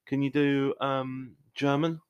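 A man's voice: medium pitch, level tone, takes it slowly, clean tone, no echo, highs cut off. A young man co-hosting a podcast, teasing his partner and asking questions in casual banter. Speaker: podcast co-host.

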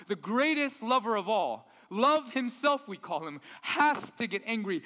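A man's voice: high voice, pushed and bright, in a large hall. A man preaching a sermon in a conversational way, often putting rhetorical questions to the audience. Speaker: pastor.

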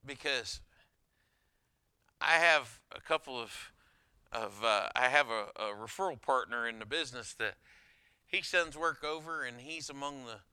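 A man preaching a sermon as a pastor, telling anecdotes in a conversational, animated way. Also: mid-range voice, clean tone, dry recording. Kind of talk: sermon with storytelling.

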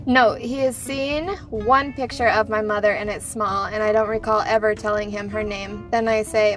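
A woman's voice: fairly high pitch, moderate pace, soft background music. A woman co-hosting a casual podcast, reading a listener's story aloud and laughing as she goes. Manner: animated storyteller, laughs and breaks into giggles. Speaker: podcast co-host.

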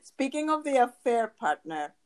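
A woman hosting a podcast interview, agreeing often and asking questions with pauses. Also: a little high, sing-song. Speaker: podcast host.

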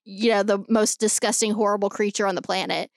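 A woman co-hosts a casual film podcast, her voice smooth and clear in a dry, close recording. She talks emphatically and swears freely as she works through her points. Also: medium pitch, fairly even intonation, fairly quick, dry recording. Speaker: podcast co-host.

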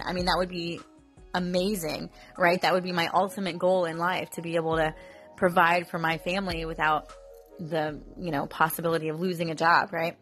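A woman in her thirties hosts a casual devotional podcast, chatting earnestly with plenty of ums and you-knows. Her voice sits a little low, and faint music plays behind her. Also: level tone, brisk, fairly bright tone. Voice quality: chatty, earnest, lots of fillers like um and you know. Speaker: podcast host.

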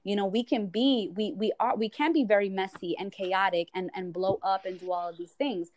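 A woman's voice: mid-range voice, fairly even intonation, a little fast, darkish tone, no echo. A woman psychotherapist talking earnestly and reflectively in a casual podcast conversation, with many "you know"s. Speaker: psychotherapist guest.

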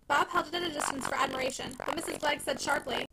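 A woman reading a classic novel aloud, with expressive storytelling. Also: high voice, quick pace, creaky, hardly any pauses, loud music behind the voice, low-quality recording. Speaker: audiobook reader. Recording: loud background noise.

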